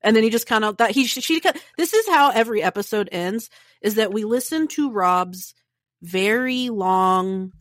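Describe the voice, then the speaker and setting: A woman's voice: medium pitch, no room sound, clean studio sound. A woman co-hosting a podcast in casual chat, laughing often and dropping sarcastic asides. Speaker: podcast co-host.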